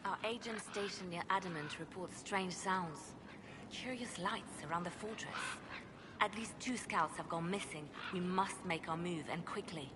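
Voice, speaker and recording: A woman voicing a calm, secretive spymaster in a game. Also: fairly low pitch, natural voice. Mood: urgent. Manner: calm, measured, quietly intense. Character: composed female spymaster, secretive and devoted. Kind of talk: video game dialogue. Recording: game audio with ambient noise.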